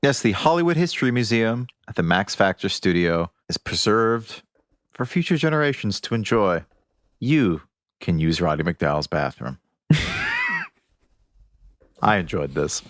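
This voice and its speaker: A man co-hosting a podcast, relating facts in a relaxed chat with wry asides. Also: on the low side, measured pace, long pauses, dry recording, studio quality. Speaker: podcast co-host. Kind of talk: casual chat.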